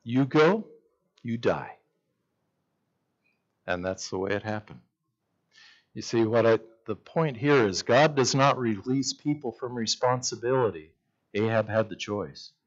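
A man's voice: on the low side, dull audio. A male pastor preaching a sermon, retelling scripture as a story and acting out its voices.

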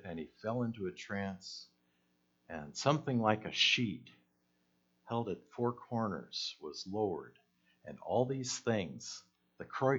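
Slow-talking man preaching a sermon. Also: lowish voice, fairly bright tone, dull audio. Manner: conversational, asks the listeners questions, acts out quoted voices.

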